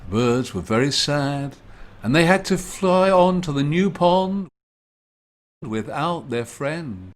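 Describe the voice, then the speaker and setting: A male storyteller performs for young children, drawing each phrase out very slowly. His voice sits a bit high and rises and falls with lively expression. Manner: slow, exaggerated, expressive storytelling.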